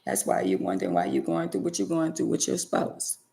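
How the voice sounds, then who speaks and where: Her voice rumbles low, gravelly and mellow, with a sing-song lilt and a slightly fast pace as she preaches at her viewers directly, scolding them emphatically and repeating phrases for effect.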